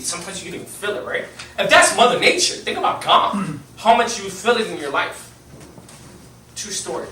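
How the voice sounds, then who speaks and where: A man's voice: sits high, bright, forceful tone, slight background noise. A young man preaching a sermon in a church hall, telling a story with laughter and lots of fillers. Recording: echoey hall, mic at a distance.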